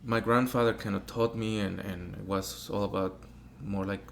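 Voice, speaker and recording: A man's voice: on the low side, normal speed, gravelly, slight background noise. A tenor guest in an interview, telling his story casually and acting out the voices of others. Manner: animated storyteller who acts out quotes and hums melodies.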